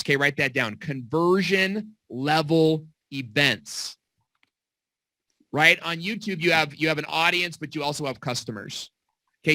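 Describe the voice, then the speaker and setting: A middle-aged man coaching on video marketing in a casual, animated way, telling stories with acted-out quotes, recorded in a home basement studio. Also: on the high side, dry recording. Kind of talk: casual teaching talk.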